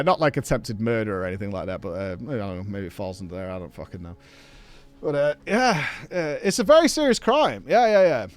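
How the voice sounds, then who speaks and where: A man in casual chat, rambling through a story with frequent swearing and nervous laughs. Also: fairly high pitch. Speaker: show host.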